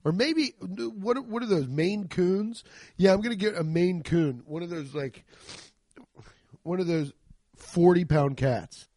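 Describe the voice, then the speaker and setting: A man's voice: sits high, a little slow, dark tone. A young man from the Cincinnati area hosting a podcast, rambling and joking with plenty of profanity. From Cincinnati area, Ohio. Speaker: podcast host. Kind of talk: casual comedic podcast monologue.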